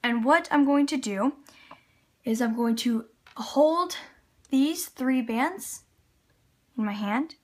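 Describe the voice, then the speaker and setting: A woman's voice: sits high, slow pace, long pauses, a little mellow. A woman with a Canadian accent, chatting casually as she talks viewers through a loom craft step by step. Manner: chatty, talks while working with hands, little laughs. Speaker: loom tutorial host. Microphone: camera on tripod at table.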